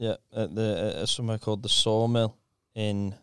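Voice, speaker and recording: A man's voice: lowish voice, steady tone, normal speed, a little hiss or hum. A comedian telling a story about a bad gig in casual chat, slangy and laughing as he goes. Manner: laughs through his stories, slangy. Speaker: stand-up comedian.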